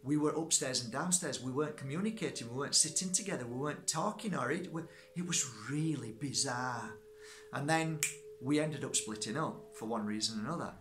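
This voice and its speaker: A middle-aged man who works as a crystal energy healer chats casually with viewers, sharing a personal story and often checking in with "okay?". His medium-pitched voice is fairly bright and a little fast, with slight background noise behind it.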